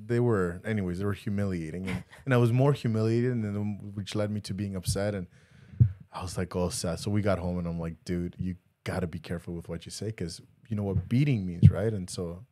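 A man's voice: fairly low pitch, brisk, mellow. A man co-hosting a podcast, chatting casually and telling jokey stories with many restarts. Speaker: podcast co-host. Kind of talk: casual chat.

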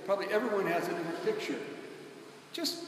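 A man's voice: high voice, fast talker, slight background noise. A man preaching a sermon in a conversational, emphatic way, calling on the congregation to answer him. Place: church. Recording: echoey church hall, mic at a distance.

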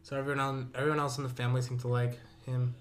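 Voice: medium pitch, rapid-fire. A young adult co-hosting a casual podcast, talking in rambling runs full of "like" and restarts. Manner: lively, rambling with many likes and restarts. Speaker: podcast co-host. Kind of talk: casual chat.

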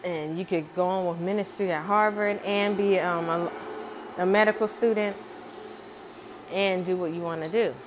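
A woman's voice: fairly low pitch, fairly even intonation, moderate pace, noisy background, close to an everyday voice. A woman voicing a strict, religious father who is furious and harsh, casually quoted while she retells a story. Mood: angry. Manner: harsh, threatening.

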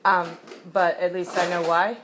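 A woman's voice: lowish voice, flat delivery, measured pace, noisy background. A woman hosting a casual chat stream, sarcastic and rambling, laughing often. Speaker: livestream host.

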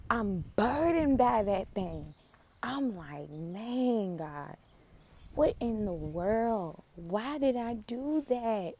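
A woman's voice: mid-range voice, darkish tone. A woman hosting a podcast, preaching emphatically with repeated phrases and occasional drops to a whisper. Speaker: podcast host. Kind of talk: preaching-style podcast talk.

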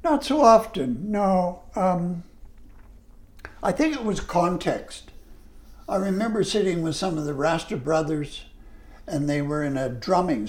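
Slow, gravelly older man reminiscing. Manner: animated, jumps up high to quote people. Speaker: retired lecturer interviewed. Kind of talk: reminiscing storytelling.

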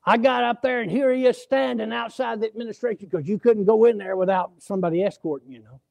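A man preaching a sermon, folksy and animated, acting out voices as he tells stories in church. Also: high voice, quick pace, gravelly, dry recording. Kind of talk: sermon with storytelling.

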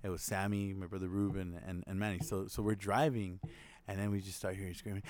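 A young man co-hosting a podcast who tells a family story in casual chat, laughs often and mimics shouting relatives. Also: deep voice, steady tone, fast. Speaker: podcast co-host.

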